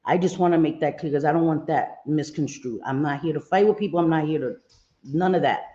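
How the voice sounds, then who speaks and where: A woman's voice: low voice, fairly quick, warm tone, dull audio. A woman hosting a casual livestream, greeting viewers by name and chatting loosely, laughing easily. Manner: chatty, reads chat names aloud, laughs easily. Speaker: livestream host.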